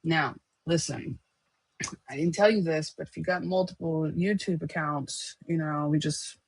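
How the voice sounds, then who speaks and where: Husky-voiced woman teaching casually. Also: low voice, steady tone, a little slow, no room sound. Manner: chatty, checks in with "okay?" and "right?". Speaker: online course teacher. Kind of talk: casual screen-share tutorial.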